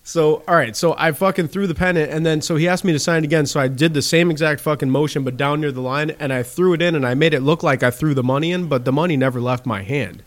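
A man spins an anecdote for his podcast co-hosts in a slightly high voice. He laughs through the telling and swears constantly. The delivery is loose and animated. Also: fast talker, hardly any pauses. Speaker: podcast co-host telling a story. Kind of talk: casual profane storytelling.

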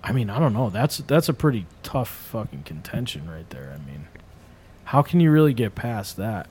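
Husky man, hesitant and laid-back. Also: on the low side, very animated, moderate pace, darkish tone. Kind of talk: casual chat.

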